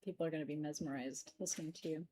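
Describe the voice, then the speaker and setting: A woman's voice: sits low, steady tone, very fast, dark tone, slightly rough. Woman, middle-aged, playful live sale host, giggly, chatty. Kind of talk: live-stream sales chat.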